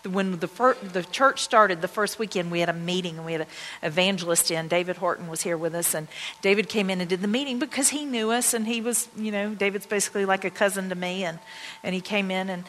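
A woman's voice: medium pitch, fast talker, a little hiss or hum. Woman, pastor, chatty storytelling sermon, ringing church reverb. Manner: conversational, anecdotal, excited retelling. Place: church sanctuary. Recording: long church-hall reverb.

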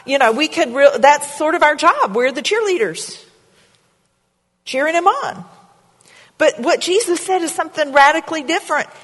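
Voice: sits high, lively intonation, moderate pace, long pauses, fairly bright tone. Conversational preacher in a reverberant hall. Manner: conversational preaching, asks the congregation questions. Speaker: pastor. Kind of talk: sermon.

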